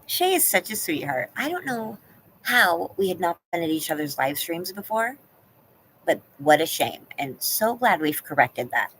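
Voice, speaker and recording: A woman's voice: on the low side, a little hiss or hum, rough recording. A woman hosting a live stream from home, chatting casually and answering her viewers by name. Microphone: laptop.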